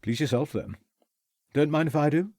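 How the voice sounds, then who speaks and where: A man's voice: fairly high pitch, moderate pace, darkish tone, dry recording, studio quality, pitched above the performer's own voice. Man doing a tipsy, rambling young toff. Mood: breezy. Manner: slurring, chatty, self-pitying.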